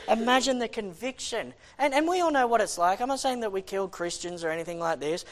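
A man's voice: high voice, animated, brisk, hardly any pauses. A man preaching a sermon in an impassioned, conversational way, often restarting his sentences.

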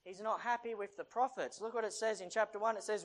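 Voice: medium pitch, fast talker, few pauses. A preacher giving a casual, joking sermon and reading from the Bible, chatty and playful with the audience. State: short of breath.

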